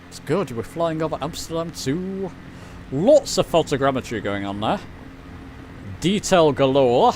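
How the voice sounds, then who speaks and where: His voice is a little high and a little mellow, animated and at a measured pace, with a little hiss or hum behind it. He rambles casually while streaming a flight simulator and reads chat aloud.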